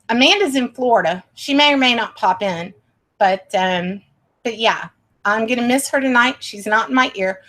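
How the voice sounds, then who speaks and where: A woman hosts a casual livestream at her home computer. Her voice sits a little high, and she talks in a chatty, easily distracted way, greeting viewers by name. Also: fairly bright tone. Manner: chatty, easily sidetracked, reads out chat names. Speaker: paranormal livestream host. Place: home streaming setup.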